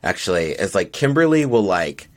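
Young male podcast host, low and very lively, animated storyteller. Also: moderate pace. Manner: animated storyteller, acts out quotes in high voices. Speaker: podcast host, drag performer. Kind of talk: casual podcast chat.

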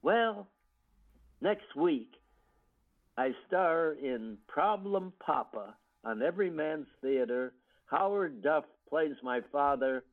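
An older American man, a guest actor, reminiscing in an interview with unhurried storytelling full of ums and restarts. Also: a little high, animated. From United States. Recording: tinny phone-line audio.

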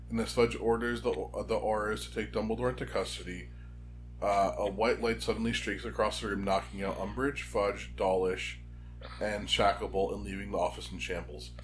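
A man co-hosting a casual podcast, summarizing a chapter in a relaxed way. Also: on the low side, moderate pace, a little hiss or hum. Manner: relaxed summarizing, some fillers. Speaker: podcast co-host.

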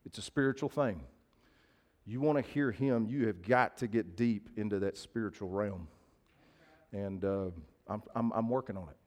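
A man's voice: fairly low pitch, normal speed, a little mellow. A male preacher, giving a sermon in a casual, folksy way and often asking his listeners to agree. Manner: conversational, folksy, asks the crowd to agree.

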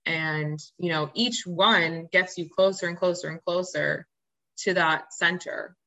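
This woman talks in a lowish, unhurried voice that sounds pushed and bright, though the audio quality is rough. Appearing as a podcast guest, she tells her own story with candor and sincerity, often restarting and using fillers.

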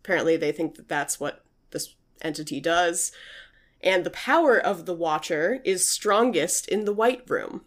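Woman podcast co-host, lowish pitch, chatty storyteller. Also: expressive, normal speed. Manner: chatty, uses many fillers, reads out quotes. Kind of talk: casual chat, telling a ghost story.

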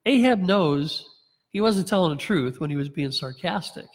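A man's voice: fairly high pitch, lively intonation, normal speed, long reverb tail. Pastor preaching with wry humor, man. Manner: reads scripture aloud, plays characters' lines with wry sarcasm and chuckles. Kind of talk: sermon.

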